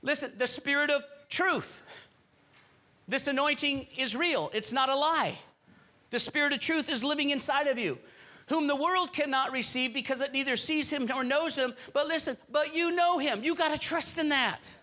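A man's voice: very high voice, moderate pace, bright, forceful tone. A man preaching a fervent sermon as pastor, repeating phrases and urging the congregation on.

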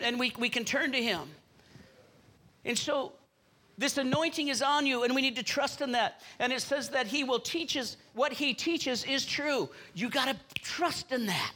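A male pastor preaching in a church, his voice sitting high and sounding bright and forceful. He drives his points home with emphasis and keeps calling out to the congregation for a response. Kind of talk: sermon.

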